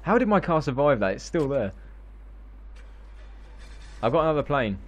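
A man, excitably narrating gameplay and laughing constantly between exclamations and swearing. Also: a little high, normal speed. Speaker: gaming video host. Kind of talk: excitable live gameplay chat.

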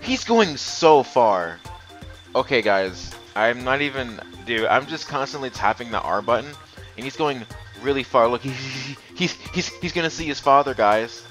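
A young man giving excited gameplay commentary, often stammering and repeating himself. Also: mid-range voice, moderate pace. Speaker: let's play gamer. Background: game music.

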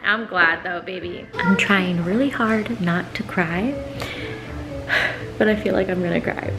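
Loud music plays behind a woman whose voice runs on the low side and a little slow. She's a mom vlogger in her thirties, chatting to her phone camera at home indoors with feeling and frequent laughter.

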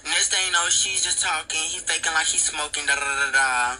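A man telling a story in a casual, profane and animated way, acting out the lines of the people in it. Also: a little high, fairly quick, slight background noise, poor audio. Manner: profane, animated retelling with quoted dialogue.

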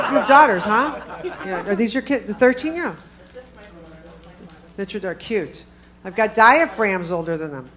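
Brash, bright-voiced woman doing stand-up. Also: a little high. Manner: brash, punchy delivery with crowd work. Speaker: stand-up comedian. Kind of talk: stand-up comedy routine. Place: comedy club. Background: audience laughter.

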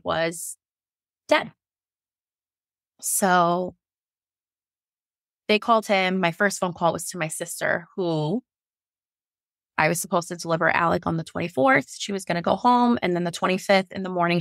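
A woman speaks as a podcast guest, recounting a personal story openly with a gravelly, fry-tinged voice. She talks animatedly, slipping into what others said and peppering her talk with "like." The sound is close and dry, with no room around it. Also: fairly low pitch, a bit bright, dry recording. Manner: frequent "like" and quoted self-talk.

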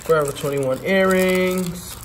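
A man's voice: sits high, measured pace, slight background noise. Joking man sorting storage finds. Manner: joking, teasing banter. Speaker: storage unit vlogger. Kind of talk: casual chat.

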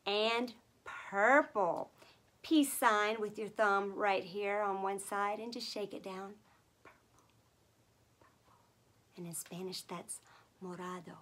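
A woman leading a gentle music and sign-language lesson for small children, speaking softly and slowly, often dropping to a whisper. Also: medium pitch, steady tone. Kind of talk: gentle teaching for toddlers.

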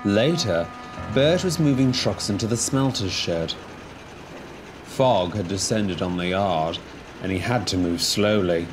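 Slow, deep male storybook narrator. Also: background noise. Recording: narration over music.

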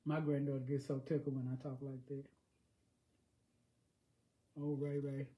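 Older woman, folksy food-vlog chatter, unhurried and mellow. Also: a bass voice, level tone, a little hiss or hum. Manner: savoring, folksy, murmurs "mm" between bites. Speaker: food vlogger. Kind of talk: casual eating vlog chat. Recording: roomy echo.

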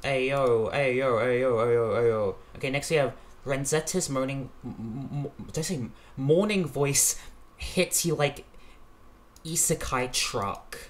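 A woman hosting a reaction video, excitable and casual, swearing freely and tripping over her words. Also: very deep voice, slow, background noise.

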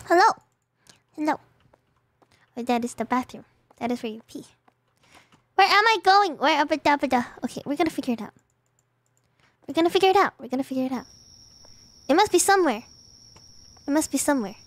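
Very high-voiced playful woman streamer. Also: expressive, brisk, long pauses, dry recording. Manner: playful, dramatic exclamations, chatting with viewers. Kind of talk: casual gaming livestream.

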